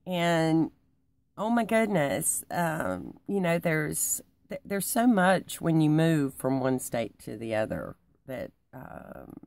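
Slow, gravelly woman rambling. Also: deep voice, no room sound. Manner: folksy and meandering, dropping to a hushed near-whisper. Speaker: Christian vlogger. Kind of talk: casual rambling talk to camera.

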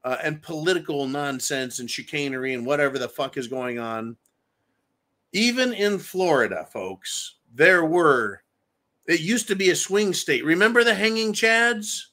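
A man hosts a live-style show, ranting in a bright, forceful voice. He swears constantly and sounds openly angry as he talks. His pitch sits a little above most men's. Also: expressive, a little slow. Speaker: show host reading viewer comments. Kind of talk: profane political rant.

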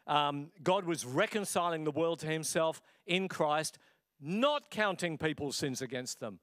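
A man's voice: on the high side, animated, unhurried, a bit bright, no room sound, studio quality. A middle-aged man, a pastor preaching a passionate, conversational sermon. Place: church.

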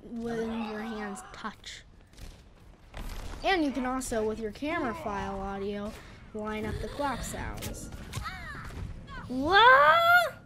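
A young woman commentating her own gameplay in a casual, chatty, self-deprecating way on a boom arm mic, with sudden loud exclamations. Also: slow. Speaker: gaming channel host. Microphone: boom arm studio mic.

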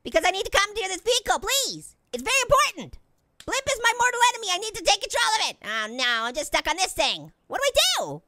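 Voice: extremely high pitch, sing-song, quick pace, sharp tone, dry recording, heavily acted. A performer voicing a hyper, giggly cartoon orange who jokes nonstop while commentating a video game. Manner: giggly, goofy, hyper, constantly cracking jokes. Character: hyper talking orange fruit, cartoon prankster, gleeful. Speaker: gaming let's-play host. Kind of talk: excited gameplay commentary.

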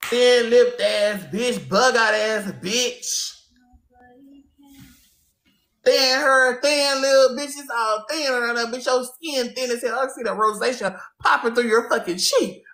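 A woman's voice: high-pitched, moderate pace, few pauses, a bit bright, reverberant. A woman hosting a livestream, talking in a profane, insulting, theatrical rant. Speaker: livestream host.

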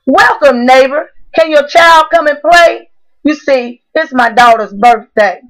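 A woman's voice: sits high, unhurried, a bit bright, poor audio. A woman voicing a welcoming neighbor who invites a child over, inside her spoken-word poem. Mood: inviting.

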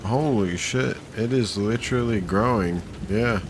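A man's voice: on the low side, a little slow, noisy background. A man commenting casually while playing a video game, laid-back and sweary. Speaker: gameplay streamer. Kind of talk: let's play commentary.

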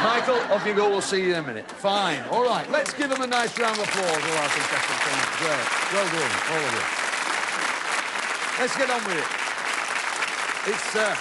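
A man's voice: high voice, animated, normal speed, over a noisy crowd, very noisy. A man hosting a television game show, chatting with contestants in a jokey way and laughing at his own puns. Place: TV studio with a live audience.

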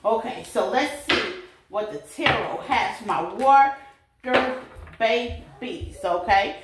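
In a slightly high, expressive voice, a woman takes her time with a chatty tarot reading, frequently laughing and addressing her viewers as babies. The recording is echoey with faint noise.

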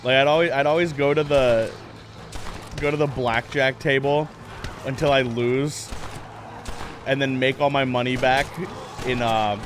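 Male streamer, playful and jokey, mid-pitched voice, loud game music underneath. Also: steady tone, measured pace, long pauses. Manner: joking, playful, blurts mock gunshot sounds. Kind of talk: gameplay commentary.

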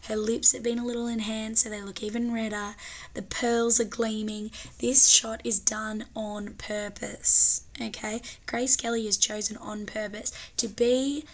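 A woman teacher, slightly breathy, explaining a film scene in a chatty way and often checking in with tag questions. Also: on the high side, level tone, measured pace. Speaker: English teacher. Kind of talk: film analysis lesson.

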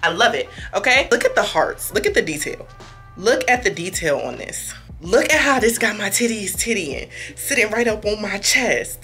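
A young woman in her twenties doing a lingerie try-on haul, talking in animated slang, repeating herself and breaking into sudden high exclamations. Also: normal speed, far from the mic, soft background music. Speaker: fashion vlogger.

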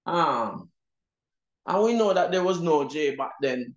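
A Jamaican-accented man leads a Bible class at an unhurried pace. His voice sits a little high for a man and carries a noticeable room echo. He teaches with emphasis, returning again and again to "you see?". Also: animated, muffled recording. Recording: roomy echo.

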